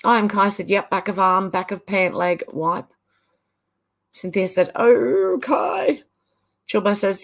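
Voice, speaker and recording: A woman's voice: medium pitch, steady tone, unhurried, fairly bright tone. Chatty woman reading live chat aloud. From Ireland. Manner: chatty, laughs often, sing-song reading of chat comments. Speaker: livestream host. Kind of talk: casual livestream chat, reading comments aloud.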